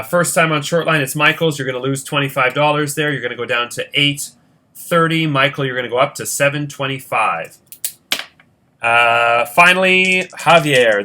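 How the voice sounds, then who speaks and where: A man with a bright, forward voice calls each roll of a board game, counting squares aloud. He talks casually and checks his own sums between moves. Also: mid-range voice, slight background noise. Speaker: host running a Monopoly-style competition.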